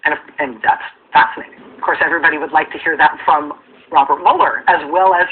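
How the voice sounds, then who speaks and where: A woman news anchor giving measured commentary in a broadcast clip. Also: low-pitched, husky, phone-quality sound.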